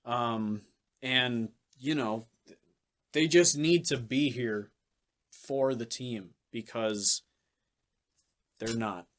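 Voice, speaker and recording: A man talking on a casual sports podcast. His voice sits at an average pitch. He is blunt and ranting and swears freely. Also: drawn-out words, pauses often. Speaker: podcast co-host.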